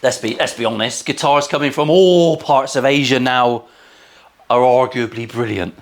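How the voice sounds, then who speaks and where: A man's voice: mid-range voice, normal speed. Forties man, luthier, casual workshop chat, cheeky and crude, swears freely. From England. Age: 40s. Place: guitar workshop.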